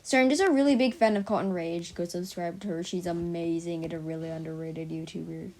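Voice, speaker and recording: A woman's voice: fairly low pitch, fairly even intonation, brisk, a little mellow. A teenage girl rambling casually to her viewers in a silly, chatty vlog, full of "like" and tangents. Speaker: vlogger.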